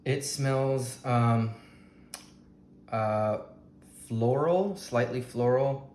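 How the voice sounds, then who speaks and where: A man with a Texan accent, vlogging a fruit tasting at home in a slow, dreamy, gushing way with many ums. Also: medium pitch, darkish tone. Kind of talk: casual food tasting vlog. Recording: echoey room with faint ambient hiss.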